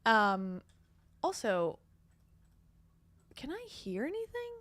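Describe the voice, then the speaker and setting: A woman's voice: fairly high pitch, very animated, a little slow, fairly bright tone. A woman hosting a gossip commentary show, talking in a sarcastic, scoffing way. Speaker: commentary host.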